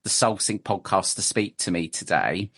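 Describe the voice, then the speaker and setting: A man's voice: low-pitched, expressive, normal speed, creaky, fairly bright tone, slightly rough. A man hosting a podcast, asking questions in a polite, hesitant way. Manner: hesitant, polite, with fillers and restarts. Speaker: podcast host. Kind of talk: interview.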